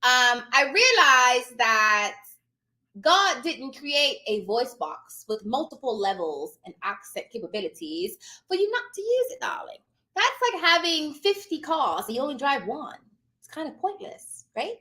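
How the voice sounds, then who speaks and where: A hyper woman hosting a casual live stream. Her voice is bright and high, and it swoops up and down as she jokes. She calls her viewers darling and slips into a put-on posh accent. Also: very animated, unhurried. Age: adult with children. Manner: hyper and playful; puts on a playful posh accent. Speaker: host and notary business coach.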